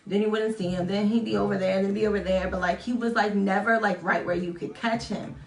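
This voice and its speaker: Talking to camera at a fairly quick clip and in a steady tone, a young woman vlogger chats her way through a story. She swears a lot, pokes fun at herself, and voices quotes in a high pitch, all in an echoey room.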